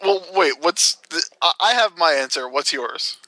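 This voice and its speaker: A man's voice: a little high, lively intonation, normal speed, pushed and bright, no echo, poor audio. A man co-hosting a casual podcast, laid-back and hesitant, with lots of fillers. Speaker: podcast co-host. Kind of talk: casual chat.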